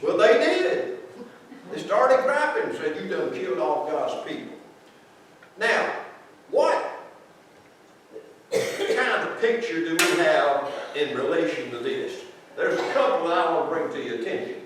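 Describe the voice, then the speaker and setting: Preacher in a booming echoey church. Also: male voice, expressive, unhurried, pauses often, fairly bright tone, recorded from a distance. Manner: folksy, asks the congregation questions. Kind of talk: conversational sermon. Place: large echoey church sanctuary. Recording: very echoey church recording from afar, faint noise.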